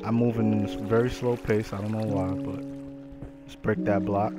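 A man hosting his own gaming channel, giving profane, excitable let's-play commentary as he reacts aloud to the game. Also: on the low side, moderate pace. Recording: loud game music behind.

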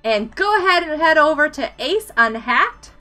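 A woman live streaming a game, excitable and chatty, laughing and yelling at what happens on screen. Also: high-pitched, normal speed, faint music behind.

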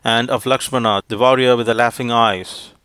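A faithful young princess held captive, grieving but unbending, as a male reader gives her lines. She speaks in an even, flat storybook cadence. The voice is smooth and clean. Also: medium pitch, normal speed, no echo, lightly acted. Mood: earnest.

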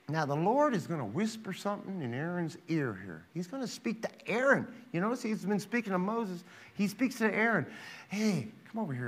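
Animated, high-pitched preaching man. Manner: emphatic preaching, reads scripture aloud, rhetorical questions; dramatizes quotes with sudden loud rises. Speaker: pastor. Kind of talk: sermon.

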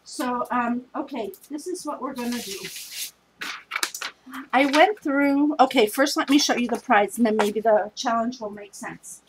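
A woman's voice: on the high side, measured pace, noisy background. Chatty tired woman hosting a craft vlog. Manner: chatty, scattered, self-deprecating. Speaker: scrapbooking challenge host. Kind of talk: casual vlog chat.

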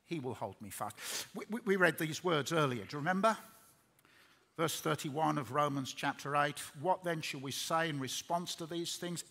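A man's voice: a little high, moderate pace, creaky, bright, forceful tone. A middle-aged man preaching a sermon in earnest, repeating words as he builds up. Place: large hall.

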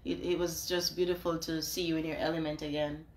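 A woman's voice: deep voice, level tone, fairly quick, darkish tone, reverberant. A woman hosting a casual live stream, laughing and teasing as she chats with viewers.

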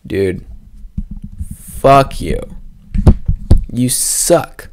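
A man's voice: medium pitch, measured pace, long pauses. A young man hosting a solo podcast, rambling and joking with lots of profanity. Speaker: podcast host. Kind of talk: casual solo podcast rant. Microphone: podcast microphone.

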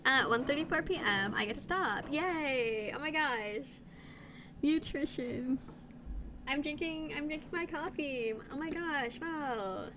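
A woman's voice: high voice, lively intonation, noisy background. A woman putting on a bubbly young Valley Girl voice, drawling "like" and "oh my gosh" between words. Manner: drawn-out likes and oh my goshes.

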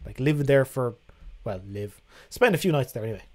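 A man's voice: mid-range voice, expressive, fairly quick, darkish tone. A young man hosting a casual livestream, reading out viewer questions and answering them in a frank, chatty way that includes casual swearing. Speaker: livestream host.

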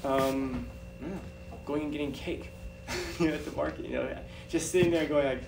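A man giving a talk to an audience, telling animated personal stories with a chatty, repetitive manner. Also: on the high side, unhurried, creaky, over music. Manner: animated, chatty, repeats phrases. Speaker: guest speaker. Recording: distant mic with background noise.

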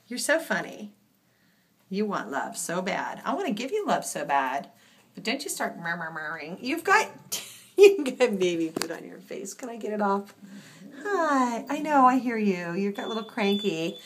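A woman's voice: medium pitch, big pitch swings, moderate pace, slight background noise. A woman in casual talk with her pet cats, cooing at them in baby talk. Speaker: cat owner.

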